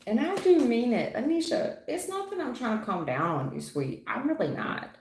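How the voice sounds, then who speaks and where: A middle-aged woman doing a live tarot reading, blunt and slangy, teasing and animated as she talks to viewers. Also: fairly high pitch, moderate pace, echoey room, a little hiss or hum. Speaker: tarot reader.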